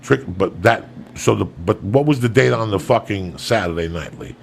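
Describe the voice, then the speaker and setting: A man's voice: fairly low pitch, moderate pace, gravelly, slight background noise. A man, a comedian and podcast host, telling a long profane story in a rambling, loose way.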